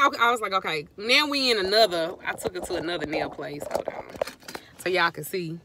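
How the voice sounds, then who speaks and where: A woman's voice: lowish voice, a little fast, noisy background. A middle-aged woman, telling a rambling story to her viewers and greeting them between sentences. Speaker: vlogger.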